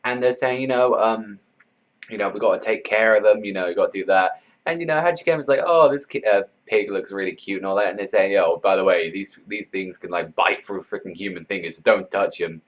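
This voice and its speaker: A man's voice: lowish voice, brisk, poor audio. A man giving a casual, rambling anime episode review, full of fillers like "you know" and "like" and loose swearing.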